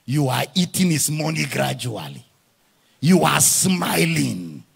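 A male pastor preaching a sermon, often shouting his lines and stretching words out for emphasis. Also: fairly high pitch, big pitch swings, creaky, breathy edge. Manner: drawn-out emphatic phrasing.

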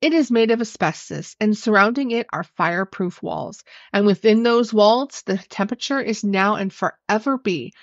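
A woman voicing a courteous, coolly firm young gentleman in a storybook reading. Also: medium pitch, moderate pace, hardly any pauses, no room sound, muffled recording, natural voice. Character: courteous young male master, cool, firm.

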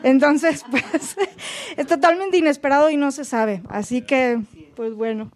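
A woman's voice: sits high, moderate pace. A young woman, earnestly sharing a personal story at a retreat and translating herself, with frequent restarts. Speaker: retreat participant.

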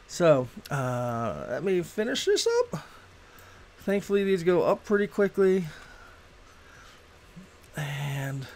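A man's voice: on the high side, big pitch swings, takes it slowly, long pauses. A middle-aged man from Boston chatting casually on a gaming livestream, rambling with plenty of filler and swearing freely. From Boston, USA. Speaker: game streamer.

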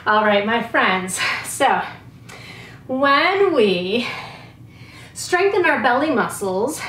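A woman's voice: fairly high pitch, distant mic, a little hiss or hum. Sing-song woman leading kids' yoga. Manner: encouraging, sing-song cues. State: a little out of breath. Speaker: children's yoga teacher. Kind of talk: guided kids' yoga class. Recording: roomy, off-mic with faint music.

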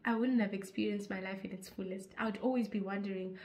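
Talking fast at a medium pitch with fairly even intonation, this young Zimbabwean-accented YouTuber gives an earnest vlog talk about insecurity. Her motivational delivery is preachy and climbs into forceful urging.

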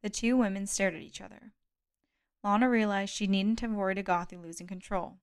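Smooth-voiced woman reading an audiobook. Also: medium pitch. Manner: steady, measured reading. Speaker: audiobook reader. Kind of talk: audiobook narration.

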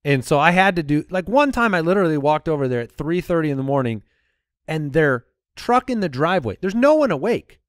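A man in his thirties co-hosting a comedy podcast, his pitch rising and falling freely as he tells stories with jokey asides. His voice sits a bit high for a man. The sound is dry and close, with no room around it. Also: fairly quick, dry recording. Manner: animated storyteller, jokey asides. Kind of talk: casual comedic chat.

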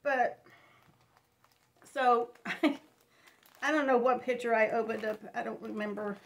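A woman in her fifties talking through tears in a personal home vlog, halting and restarting often. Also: fairly high pitch, steady tone. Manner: halting, tearful, many restarts. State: crying. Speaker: vlogger.

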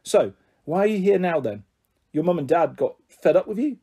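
A bossy, cheeky young girl in care, as a man reads her part from a storybook. The voice sits a little high, with a mellow, soft and slightly husky tone. She talks brashly, ordering others about. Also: lively intonation, moderate pace. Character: bold, cheeky ten-year-old girl in care. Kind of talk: storybook character reading.

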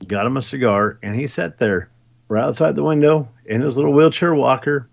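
A man's voice: mid-range voice, a little fast, vocal fry, no room sound. A man in casual podcast chat, brash and swearing as he tells stories. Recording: dry, slightly dull sound.

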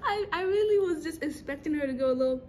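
A young woman casually reacting to a TV drama episode, excitable and slangy, laughing often. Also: sits high, fast talker, a little hiss or hum. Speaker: reaction video host.

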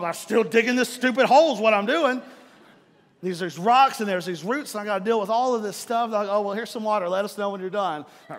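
Middle-aged male pastor, high voice, animated sermon storyteller, live church hall reverb. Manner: animated storytelling, acts out own frustration.

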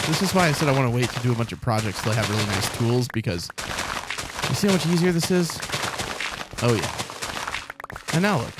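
An Oklahoma man with a mid-range voice hosts a let's play, thinking aloud in casual, rambling, upbeat gameplay commentary. Heavy background noise and faint calm music sit behind him.

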